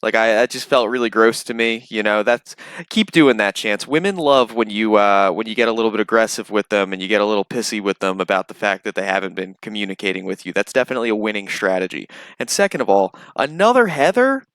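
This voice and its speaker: A man's voice: fairly low pitch, quick pace, fairly bright tone, clean tone, dry recording. A man narrating a commentary video in a mocking, sarcastic way. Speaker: commentary channel host. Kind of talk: commentary voice-over.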